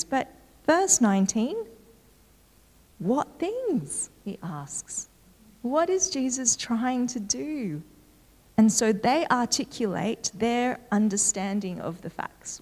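A woman giving a church talk in a relaxed, conversational storytelling way with frequent fillers. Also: fairly high pitch. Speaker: church speaker. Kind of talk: sermon. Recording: reverberant hall.

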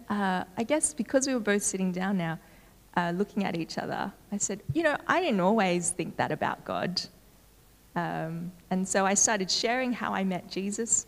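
Woman preaching in a reverberant hall. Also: mid-range voice. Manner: conversational, relaxed storytelling with fillers. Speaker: church speaker. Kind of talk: sermon.

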